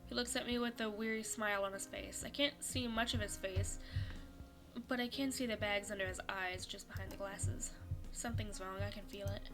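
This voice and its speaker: A young woman streaming a visual novel, reading the story and her character's lines aloud and breaking into animated, laughing reactions. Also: mid-range voice, moderate pace, music in the background. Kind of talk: reading a game script aloud with commentary.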